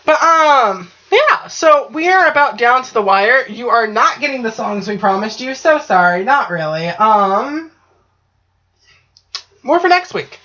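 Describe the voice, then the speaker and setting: A woman's voice: on the high side, animated, measured pace, bright, forceful tone. Swearing, jokey woman on a dull recording. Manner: swearing, loose and jokey, frequent "right?". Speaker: podcast co-host. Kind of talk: casual chat. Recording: dull lo-fi podcast audio.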